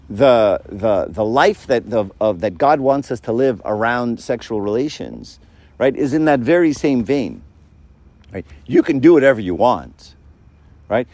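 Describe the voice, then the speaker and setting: A man's voice: mid-range voice, darkish tone, no echo. A middle-aged man giving a casual faith talk to young people, talking conversationally, often tagging on "right?" and acting out quoted voices. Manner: conversational, keeps asking "right?".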